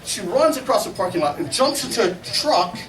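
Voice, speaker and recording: A middle-aged man with a higher voice gives a brisk, folksy eulogy, laughing as he tells stories and quotes people in lively voices. He's a memorial speaker in a memorial gathering hall, offering informal storytelling. The room is echoey, and the audio is distant and noisy.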